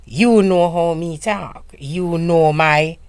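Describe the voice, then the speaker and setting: A Jamaican woman in casual discussion, animated and slipping into patois phrasing as she makes her points. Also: fairly low pitch, slow pace, no echo. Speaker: guest.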